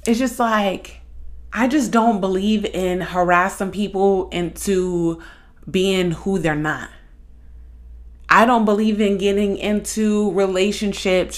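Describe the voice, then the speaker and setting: A young woman hosting a podcast, talking in a blunt, profane, animated monologue. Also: mid-range voice. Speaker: podcast host. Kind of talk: casual monologue.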